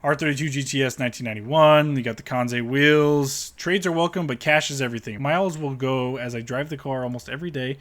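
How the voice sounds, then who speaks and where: A man with a bright, forceful voice tears into car listings in a blunt, sarcastic rant. He swears freely and mocks what he reads, talking like a car channel host reacting on camera. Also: medium pitch, a little fast, few pauses. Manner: blunt, profane, sarcastic ranting. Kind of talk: ranting commentary on car listings.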